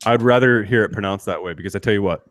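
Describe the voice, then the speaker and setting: Talking fast in a voice on the low side, a middle-aged sports podcast co-host goes on an exasperated rant, repeatedly breaking off and restarting sentences. It's casual sports talk, recorded with no echo.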